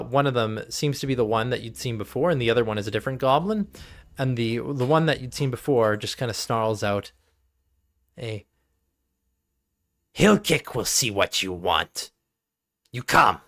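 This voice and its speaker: A man's voice: mid-range voice, normal speed, fairly bright tone. Rambling man running a tabletop game. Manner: rambling, filler-heavy, laughing. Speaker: game master.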